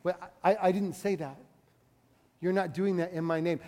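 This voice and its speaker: A middle-aged man preaching a sermon with passion, dropping to a hush for quoted words. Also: high voice, steady tone, normal speed, big-room sound. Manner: impassioned preaching, dropping to hushed tones for quotes. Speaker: pastor.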